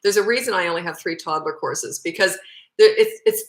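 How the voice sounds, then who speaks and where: A woman's voice: lowish voice, a little fast, echoey room, poor audio. A woman in her fifties, a parenting coach, answering viewer questions in a blunt, matter-of-fact way. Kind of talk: casual Q&A advice.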